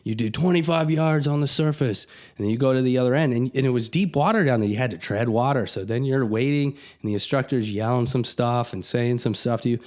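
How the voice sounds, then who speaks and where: A man's voice: mid-range voice, brisk, a little mellow. A middle-aged man, a real estate broker, giving a blunt, conversational pep talk to camera. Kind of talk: motivational vlog talk.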